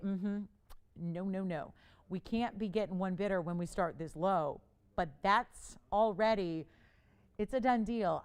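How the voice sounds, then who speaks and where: A woman hosting a live TV jewelry shopping show, pitching an auction in a chatty, playful way, laughing often and urging bidders on. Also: smooth. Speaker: TV shopping host. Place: TV studio.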